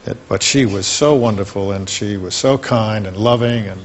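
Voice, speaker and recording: An older man speaks in a low, settled voice as a guest on a studio talk show. He reminisces fondly and unhurriedly about the people he has known. A faint hiss sits under the recording. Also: normal speed.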